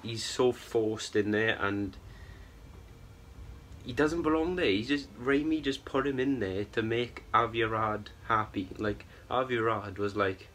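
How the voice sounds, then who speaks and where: A man's voice: fairly low pitch, unhurried, a bit bright, slight background noise. A young man giving a casual, exasperated film review, rambling and tagging his points with "right?" and "bro". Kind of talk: ranting film review vlog.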